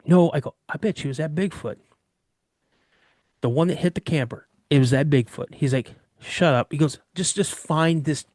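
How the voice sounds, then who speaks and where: A man from Washington State telling a childhood story in a casual first-person way, acting out the dialogue in quick, animated bursts. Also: medium pitch, no room sound, studio quality. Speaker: eyewitness recounting a personal encounter.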